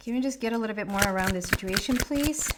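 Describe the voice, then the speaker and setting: A woman in her thirties talks through a tarot reading in a loose, rambling way. Her voice sits a little high, and she gets emotional and laughs often as she goes. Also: fast, heavy background noise. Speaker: tarot reader. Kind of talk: casual tarot reading monologue.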